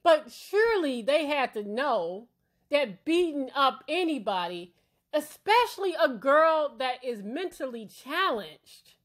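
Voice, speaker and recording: A woman's voice: high voice, very animated, slow. A woman who is a parent hosting a casual opinion commentary, talking bluntly and emphatically and often checking in with her listeners. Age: adult parent. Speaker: commentary channel host.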